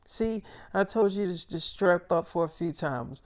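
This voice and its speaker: A man voicing his pregnant girlfriend, an excited, insistent young woman who repeats herself. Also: high-pitched, measured pace.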